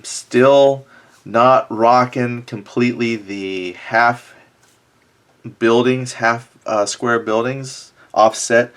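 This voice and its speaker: In a lowish voice, a man hosts a tabletop game let's-play, chatting casually and thinking out loud. He often corrects himself and makes wry, self-deprecating asides.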